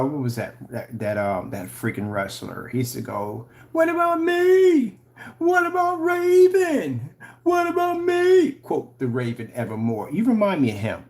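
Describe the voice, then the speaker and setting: A man delivers a heated, sarcastic rant for his video channel, his pitch jumping up and down as he mocks. His voice sits at an ordinary middle pitch but swings widely. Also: darkish tone. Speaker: channel host. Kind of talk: ranting commentary video.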